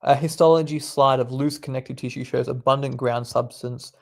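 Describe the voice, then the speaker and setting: A man's voice: medium pitch, fairly even intonation, a little fast. A young man, a medical student, reading quiz questions aloud and explaining the answers in a laid-back, casual way. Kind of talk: casual quiz study session.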